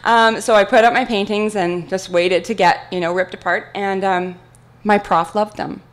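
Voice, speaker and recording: A woman giving a talk, telling a personal story in a chatty, animated way with many fillers. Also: medium pitch, moderate pace. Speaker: guest speaker at an art talk.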